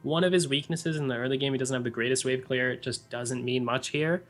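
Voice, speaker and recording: A man's voice: mid-range voice, fairly quick. A young man giving earnest, analytical color commentary on a live esports match.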